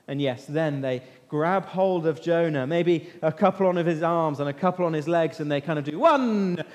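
High-voiced man preaching in a reverberant hall. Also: normal speed. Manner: lively, questions the listeners and waits for answers. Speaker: preacher leading a Bible talk. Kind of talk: interactive Bible storytelling sermon. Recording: long reverb of a large hall.

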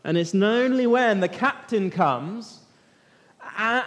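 A man teaching an interactive Bible lesson as an animated storyteller, asking his listeners questions. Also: high-pitched, measured pace. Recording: long echo of a large hall.

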